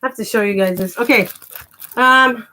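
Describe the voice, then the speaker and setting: A woman's voice: on the high side, moderate pace, bright, forceful tone. An older woman hosting her own channel, chatting casually to the camera and talking to her pets as she goes. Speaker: craft and garden channel host.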